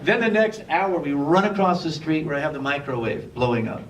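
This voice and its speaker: A filmmaker fields questions in a cinema, jokey and energetic as he tells behind-the-scenes stories. His voice sits a little high and sounds distant from the microphone. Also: fairly quick, slight background noise. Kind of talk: Q&A talk on stage. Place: cinema theatre. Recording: far from the mic.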